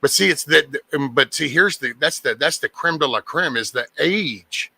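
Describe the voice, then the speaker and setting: Male host, casual talk, rambling delivery, very bright tone. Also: fairly high pitch, moderate pace, creaky, breathy edge, dry recording. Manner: rambling, restarts sentences, swears casually. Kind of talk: casual chat.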